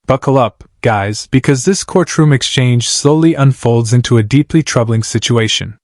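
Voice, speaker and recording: A man's voice: mid-range voice, normal speed, no room sound, studio quality. A man narrating a court case video in a dramatic, suspense-building tone. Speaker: host and narrator. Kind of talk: scripted narration.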